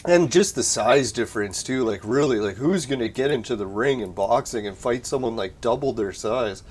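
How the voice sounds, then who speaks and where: A man on a casual live stream chatting from his home setup, laid-back and quick to swear and laugh. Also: mid-range voice, a little mellow, a little hiss or hum. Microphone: desk mic through a soundboard.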